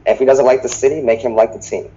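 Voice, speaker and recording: A man co-hosting a podcast, talking sports in a laid-back, halting way. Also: medium pitch, steady tone, warm tone, lo-fi sound, slight background noise. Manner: laid-back, halting, often says "you know what I'm saying". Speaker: podcast co-host. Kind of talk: casual sports talk.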